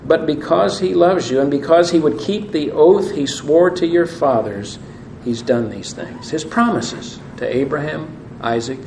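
Gravelly man preaching in an echoey room. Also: a little high, darkish tone. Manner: asks the audience questions, reads scripture aloud. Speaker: pastor. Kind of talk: sermon. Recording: echoey room with faint noise.

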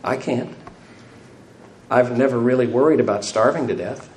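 Male preacher, mid-pitched, asks rhetorical questions; roomy church-hall sound with faint background hiss. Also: moderate pace, a little mellow. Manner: light self-deprecating humor. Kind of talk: sermon. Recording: echoey room, faint room noise.

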